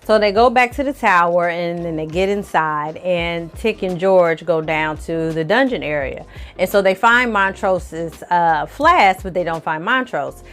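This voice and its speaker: A woman casually recapping a TV episode for viewers, telling the story in a lively, slangy and profane way. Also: fairly low pitch, measured pace, soft background music. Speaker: film and TV reviewer.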